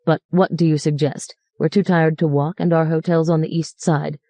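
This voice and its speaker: A woman reading as a buttoned-up father holding on to his manners with clipped, strained courtesy. The voice is low, soft-toned and dry, set close to the mic. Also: little pitch movement, moderate pace, dry recording. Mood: restrained politeness. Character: stiff, formal middle-aged father.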